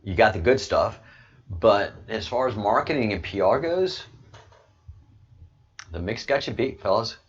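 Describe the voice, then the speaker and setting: Husky guy rambling on his livestream, voice jumps all over, dull lo-fi mic sound. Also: fairly low pitch, lively intonation, a little slow, long pauses. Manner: rambling, repetitive, jokey asides. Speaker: livestream host. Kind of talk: casual commentary livestream. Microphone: desk microphone.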